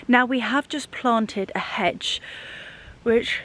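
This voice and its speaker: British woman, gushing, whispers softly. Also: fairly high pitch, measured pace, a little hiss or hum. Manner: gushing, often dropping to a soft whisper. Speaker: vlogger giving a garden tour. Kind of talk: casual vlog narration. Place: outdoors in a garden.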